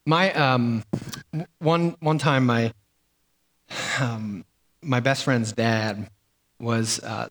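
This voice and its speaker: Male pastor, relaxed sermon delivery with fillers and restarts, slightly high voice, recorded with long reverb in a large church. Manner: conversational, with fillers and repeated words.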